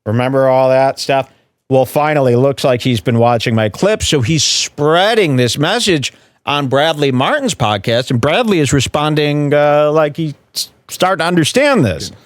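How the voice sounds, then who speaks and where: A man's voice: on the high side, lively intonation, normal speed, dry recording. A man hosting a show, giving wry commentary while he plays clips. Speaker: host.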